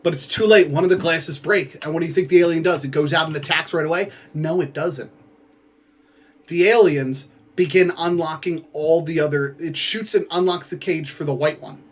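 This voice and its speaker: High-voiced man rambling through a book recap. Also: normal speed. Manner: rambling, heavy use of filler words; playful asides to viewers.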